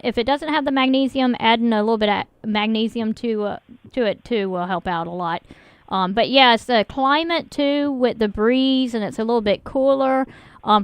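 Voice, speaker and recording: A woman's voice: fairly high pitch, normal speed, smooth, no echo. A woman hosting a call-in garden radio show, chatty and full of ums. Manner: chatty, many ums and uhs. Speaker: radio garden show host and nursery owner. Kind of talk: casual call-in radio chat. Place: radio studio.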